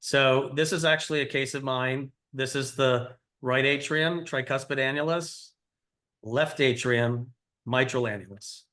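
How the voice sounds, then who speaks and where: A man's voice: mid-range voice, unhurried, bright, forceful tone. A middle-aged man giving a conversational teaching lecture, explaining and quizzing his audience. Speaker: cardiology lecturer.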